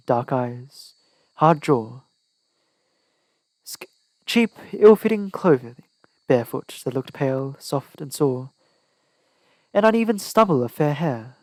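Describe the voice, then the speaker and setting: A man's voice: medium pitch, darkish tone, no echo, poor audio. A man narrating an audiobook in the first person with a dramatic, tense delivery. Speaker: audiobook reader.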